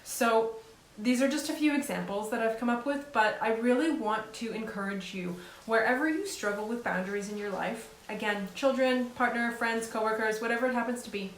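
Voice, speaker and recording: A woman's voice: a little high, a little fast. A woman life coach giving casual, encouraging advice in an earnest, conversational way. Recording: echoey room with faint hiss.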